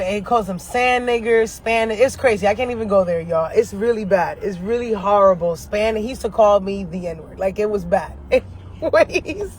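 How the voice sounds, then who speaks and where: A man's voice: high voice, slight background noise. A man chatting casually to camera from his car, telling stories in a profane, slangy way and laughing often. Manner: animated, profane, slangy storytelling; laughs often between lines. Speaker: astrology vlogger. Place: inside a parked car.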